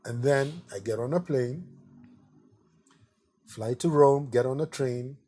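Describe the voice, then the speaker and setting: A middle-aged man, an artist being interviewed, telling relaxed anecdotes in a chatty way and often saying "you know". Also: medium pitch, takes it slowly. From Kenya.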